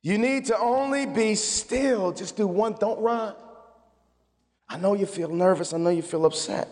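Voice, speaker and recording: A man voicing God as a calm, fatherly presence, speaking slowly and soothingly. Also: sits high, big-room sound. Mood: gentle.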